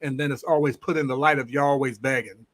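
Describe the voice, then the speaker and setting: A man calling in to a live discussion as a guest, speaking in a measured, thoughtful way with some hesitations. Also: medium pitch, fairly even intonation, a bit bright, no echo, rough recording. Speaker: guest caller. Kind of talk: casual call-in commentary.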